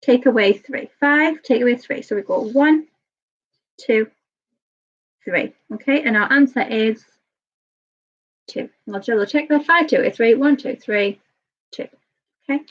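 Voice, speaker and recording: A woman teaching a live online maths lesson to young children, patient and a little nervous, checking in with "okay?" often. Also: a little high. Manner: patient, repeats "okay?" often, talks a bit fast and nervous. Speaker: early years teacher. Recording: slightly dull lo-fi sound.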